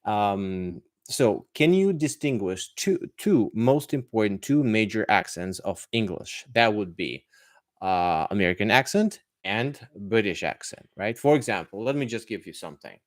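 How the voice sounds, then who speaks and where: Hesitant low-voiced male English teacher. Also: expressive, a little slow, dry recording, clean studio sound. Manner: chatty, hesitant, many fillers and restarts. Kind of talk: live-streamed podcast answering viewer questions.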